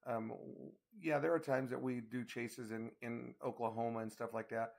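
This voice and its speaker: Gravelly middle-aged man on a livestream. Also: medium pitch, level tone, normal speed, darkish tone. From northeastern Colorado. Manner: folksy, chatty, reads and answers viewer comments. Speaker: storm chaser hosting a livestream weather briefing. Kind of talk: casual livestream chat with viewers.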